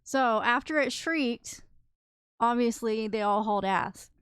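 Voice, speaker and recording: A woman's voice: fairly high pitch, measured pace, a bit bright, smooth, dry recording, studio quality. A woman co-hosting a podcast, telling a story in casual chat with many fillers. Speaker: podcast co-host.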